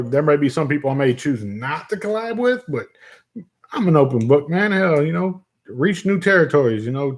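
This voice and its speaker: A middle-aged vape channel host reads viewer comments on a casual livestream, cussing freely, joking, and laughing often at his own jokes. His voice is an ordinary male pitch and a little mellow, and he shifts easily between loose banter and earnest talk with viewers.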